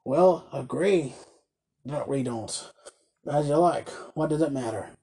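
A man's voice: on the high side, slow pace, vocal fry, breathy edge, heavily acted. A man doing a sneering, sarcastic toy merchant. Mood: pushy. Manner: brusque, scornful, loud outbursts.

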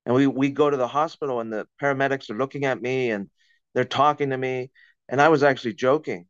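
A man's voice: mid-range voice, fast, clear, resonant tone, no echo, highs cut off. A man, a podcast guest, telling a personal story in conversation with vivid, dramatic retelling and acted-out quotes.

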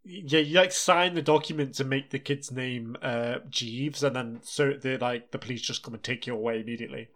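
A man's voice: medium pitch, a bit bright. A man co-hosting a podcast, chatting casually with a playful, giggly manner. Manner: giggly, playful, quick jokes. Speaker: podcast co-host. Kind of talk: casual chat.

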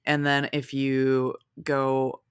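A podcast guest talking casually about a film, rambling and profane with quick asides. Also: mid-range voice, completely flat delivery, clean tone, dry recording, studio quality.

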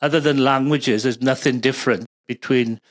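A man's voice: mid-range voice, fairly even intonation, normal speed, no room sound. A man with a Welsh accent, a guest speaking as a supply chain expert, rambling with many fillers and restarts. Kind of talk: conversational interview.

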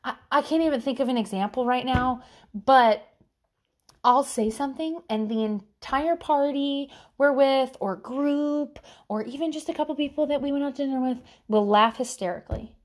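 A woman's voice: sits high, normal speed. A woman in her thirties with a Southern US accent, telling stories in a rambling casual chat with lots of fillers and frequent laughter.

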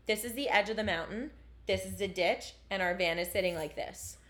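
A woman's voice: medium pitch, a little fast. Young woman telling a wild story. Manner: animated storytelling, swearing, many "like" fillers. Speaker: storyteller guest. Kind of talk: casual chat.

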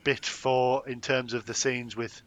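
A man's voice: mid-range voice, flat delivery, unhurried. A man co-hosting a film podcast in casual chat, rambling and joking with many restarts. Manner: rambling, self-interrupting, joking. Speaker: podcast co-host.

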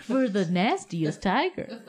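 A woman's voice: mid-range voice, sing-song, slow, crowd noise. A woman co-hosting a casual podcast, trading playful jokes. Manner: joking, playful banter. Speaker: podcast co-host. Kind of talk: casual chat.

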